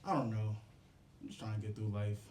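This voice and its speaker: On a comedy club stage, a young man delivers crude stand-up, bantering with the audience and laughing at his own material. He speaks a little fast in a lowish, steady, somewhat dark voice, captured with roomy club acoustics.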